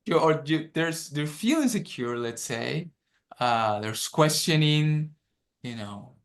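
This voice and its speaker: A man's voice: a little high, expressive. Man leading a dharma group on a video call, takes his time, keeps asking okay?. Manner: unhurried, checks in often with "okay?". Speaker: dharma teacher leading a workshop. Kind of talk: guiding a group exercise.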